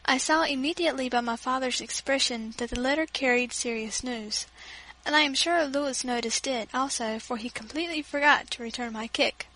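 A woman reading an old-fashioned children's story aloud, in a measured, gentle way. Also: high-pitched, rough recording. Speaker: reader.

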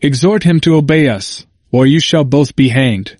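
A man's voice: on the high side, lively intonation, normal speed, no room sound, clean studio sound, pitched above the performer's own voice. A man voicing cruel, enraged magistrates who threaten prisoners harshly. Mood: raging.

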